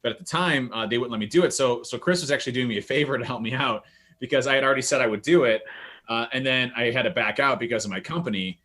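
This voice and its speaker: A man with a mid-pitched voice tells a story at a fast clip on a video call. He rambles and laughs, circling back over his words. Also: bright, forceful tone. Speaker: guest. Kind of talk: casual storytelling.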